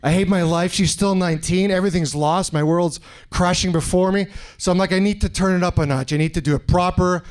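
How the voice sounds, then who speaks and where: Man, stand-up comedian, from Canada, high voice, lively storyteller, club stage. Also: a little fast. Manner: animated storytelling, acts out other voices. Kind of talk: stand-up set. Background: audience laughter.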